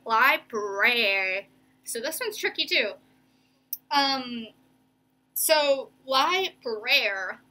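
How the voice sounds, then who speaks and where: A young woman teacher giving a remote reading lesson to children, slowly stretching out each word as she sounds it. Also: on the high side, pushed and bright. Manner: slow, stretched-out sounding of words.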